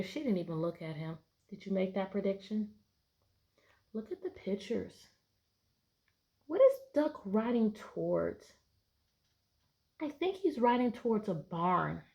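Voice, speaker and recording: A woman's voice: medium pitch, animated, measured pace, pauses often. A woman teacher reading a picture book aloud to her class, patiently asking prediction questions between pages. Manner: bright, playful voices for story animals.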